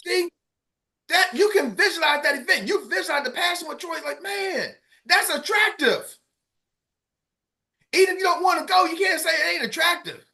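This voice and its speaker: Fired-up coach man, bright high voice. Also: animated, normal speed. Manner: fired-up, preachy, calls out to the group. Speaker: sales coach. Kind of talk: motivational team call.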